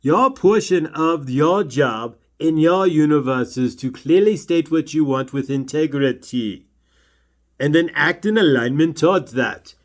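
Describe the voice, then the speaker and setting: A man speaking as a spiritual channeler, delivering a slow, deliberate talk full of repeated questions. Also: fairly high pitch, expressive.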